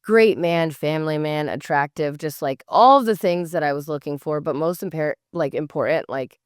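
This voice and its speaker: A woman's voice: deep voice, moderate pace, clear, resonant tone, no echo, clean studio sound. A woman hosting a podcast who tells a personal story casually. She talks in a chatty way, swears freely, uses lots of "like" fillers and acts out the dialogue. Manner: animated, acts out quoted dialogue. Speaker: podcast host.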